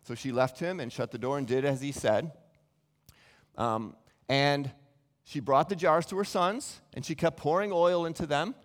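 A man's voice: fairly high pitch, normal speed, big-room sound. A man giving a Bible teaching sermon, earnest and explanatory, often restarting his sentences. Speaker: preacher.

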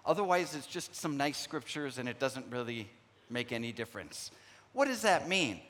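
A middle-aged man preaching a sermon, telling personal stories in an earnest way and pausing to restart his sentences. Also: medium pitch, sing-song, a bit bright. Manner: storytelling, acts out remembered dialogue; earnest, frequent pauses and restarts. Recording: long hall reverb.

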